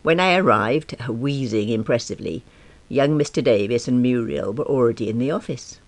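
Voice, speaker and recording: A woman of about fifty reads a first-person diary-style story in a wry, self-deprecating and expressive way. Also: a bass voice, normal speed. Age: around 50. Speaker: narrator.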